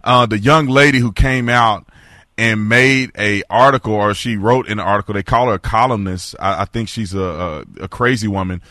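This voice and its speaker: A man hosting a political talk show, animated and laughing often as he talks with a guest. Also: fairly low pitch, moderate pace, dry recording, studio quality. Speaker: host.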